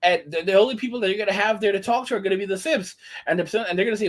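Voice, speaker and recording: Ranting man with a high voice. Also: racing, few pauses. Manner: indignant, rambling, many restarts. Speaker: commentary channel host. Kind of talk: ranting casual commentary.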